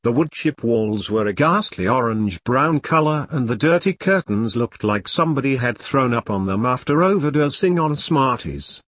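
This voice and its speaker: A man narrating an audiobook in an expressive, measured way. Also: mid-range voice, dry recording.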